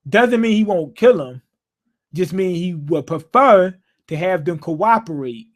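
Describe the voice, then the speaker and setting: High-voiced man giving a joking, rambling recap. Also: lively intonation, unhurried. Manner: joking, loose and conversational, repeats himself. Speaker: show reviewer.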